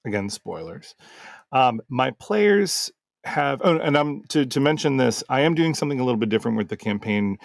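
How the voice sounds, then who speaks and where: Male game master and podcast host, gravelly, dry close sound, rambling casual storytelling. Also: medium pitch, expressive, normal speed, no room sound. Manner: rambling, full of fillers and restarts.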